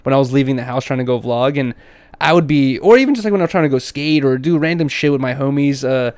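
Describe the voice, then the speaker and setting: A young man co-hosting a casual podcast, telling animated stories with heavy slang and acting out quotes. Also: medium pitch, quick pace, clear, resonant tone, no echo. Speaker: podcast co-host. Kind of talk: casual chat.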